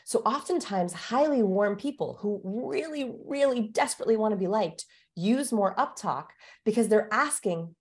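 A communication expert appears as a guest, coaching listeners by explaining and demonstrating how to speak, including different vocal tones. Her medium-pitched voice has lively intonation, at normal speed with hardly any pauses.

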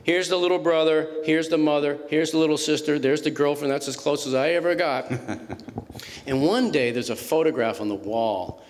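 A man's voice: on the high side, moderate pace, a little hiss or hum. Man in his fifties telling stories in a hall. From Massachusetts. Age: 50s. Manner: animated anecdotal storytelling, restarts. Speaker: author speaking at a book event. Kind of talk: storytelling talk to an audience. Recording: reverberant hall.

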